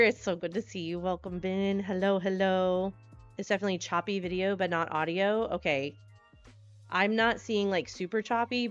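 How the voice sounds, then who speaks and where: A woman streamer chatting casually with her live chat. She is bubbly and scattered, and she greets people with excited squeals. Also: medium pitch. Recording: dull lo-fi stream audio with faint music.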